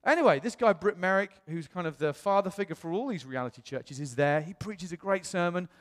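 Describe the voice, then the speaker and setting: British male pastor, lively storytelling sermon, slightly high voice, long church-hall reverb. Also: a little fast. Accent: British English. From England. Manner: animated storyteller, acts out quoted voices. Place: church auditorium.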